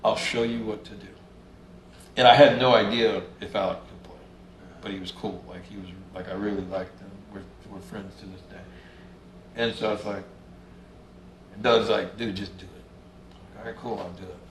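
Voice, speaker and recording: He's a musician guest in a laid-back interview, telling stories in a lowish, steady voice at a moderate pace with long pauses. He swears freely and plays out what people said. Expect roomy room sound, faint ambience and a little hiss or hum.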